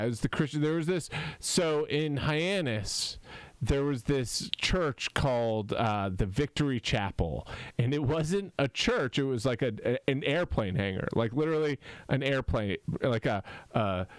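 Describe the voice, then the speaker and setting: A man telling a rambling story in a casual livestream chat, halting and full of fillers, perking up when he quotes people. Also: medium pitch, animated, smooth, no echo. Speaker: comedy group member on a livestream.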